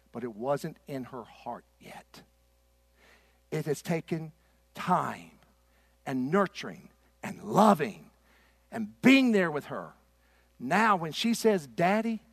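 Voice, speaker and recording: A middle-aged man preaching a sermon in a church. His delivery is impassioned and swings from loud to hushed. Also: on the high side, no room sound. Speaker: pastor. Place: church sanctuary.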